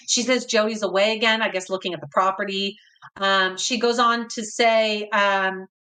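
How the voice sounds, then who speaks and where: A woman's voice: fairly high pitch, pushed and bright, low-quality recording. A woman hosting a channel, reading journal excerpts aloud and adding somber, dismayed comments to her viewers. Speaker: host.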